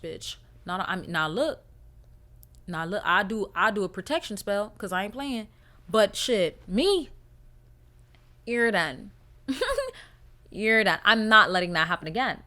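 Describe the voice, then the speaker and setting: A woman hosting a podcast, chatting bluntly and with swearing, going from a hushed reading voice to loud outbursts. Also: mid-range voice, dry recording. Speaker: podcast host. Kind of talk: casual storytelling chat. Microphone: close podcast mic.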